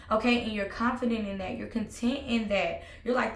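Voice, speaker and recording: A woman's voice: medium pitch, steady tone, normal speed, roomy sound. A woman giving a sassy, sarcastic tarot reading, swearing and laughing as she talks. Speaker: tarot reader.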